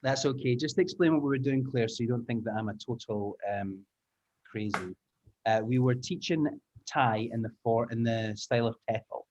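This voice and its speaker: A man teaching an online language lesson, lively and encouraging, explaining sounds patiently. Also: medium pitch, normal speed, dull audio. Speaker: teacher trainer. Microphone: video call.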